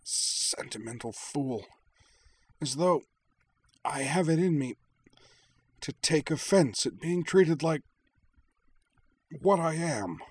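A man voicing a frightened young woman in pain, speaking in a hushed, strained way. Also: on the high side, expressive, slow, long pauses, husky, dry recording, pitched above the performer's own voice, full character voice. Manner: hushed, strained, breaking into pained cries. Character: frightened pained young woman warning a friend.

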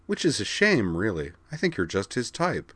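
In an audiobook reading, a man voices a breezy, easygoing teenage girl duelist who speaks bluntly and teases quietly, in an offhand, casual way. It's a full character voice pitched above his own fairly low, slightly rough voice, with huge pitch swings at normal speed. There's no room sound.

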